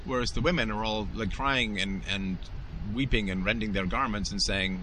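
Forceful low-voiced male commentator. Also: moderate pace, a little hiss or hum, low-quality recording. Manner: emphatic, with frequent rhetorical "right?" tags. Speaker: podcast host. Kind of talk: solo commentary monologue.

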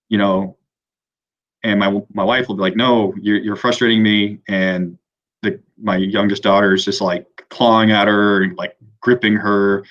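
A man's voice: on the low side, fairly bright tone, muffled recording. A man calling in to an advice show, speaking hesitantly with many restarts. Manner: hesitant, halting. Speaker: caller. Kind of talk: phone-in conversation.

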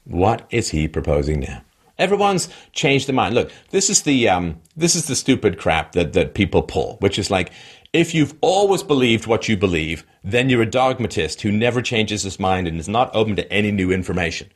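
A man's voice: lowish voice, very animated, moderate pace, slightly rough. A man giving a solo political commentary in a sarcastic, mocking way, with frequent laughs.

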